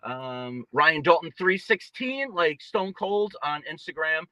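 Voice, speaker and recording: A young man being interviewed as a boxer, trash-talking with boastful, mocking swings in pitch. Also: lively intonation, takes it slowly, sharp tone, dry recording. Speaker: guest boxer. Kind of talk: casual trash talk interview.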